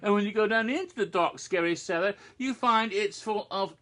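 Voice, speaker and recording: A man ranting in exasperation about a horror film, swearing and breaking into loud bursts. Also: high-pitched, normal speed. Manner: exasperated, profane, shouts in bursts. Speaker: horror vlogger. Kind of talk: ranting commentary.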